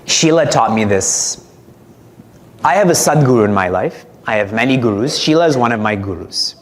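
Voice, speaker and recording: Animated male spiritual teacher giving a discourse. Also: medium pitch, moderate pace. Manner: conversational, asks the audience questions, chuckles often.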